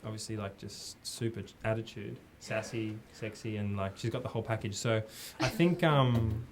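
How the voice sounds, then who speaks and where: A man's voice: lowish voice, normal speed, noisy background. A young Australian man, a musician guest, chatting loosely in a radio studio and laughing often. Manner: relaxed, rambling, laughs often. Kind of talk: casual interview chat.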